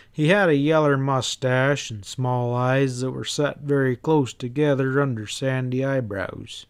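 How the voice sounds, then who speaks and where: A male audiobook narrator reads a western novel at an unhurried, deliberate pace. His voice sits at a middle pitch. His storytelling is measured and even.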